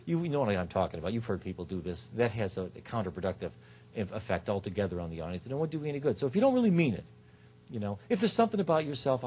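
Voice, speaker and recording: A man giving a law school lecture on rhetoric, joking and shifting his pitch and loudness often. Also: sing-song, brisk, slightly rough. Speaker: law professor. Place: lecture hall.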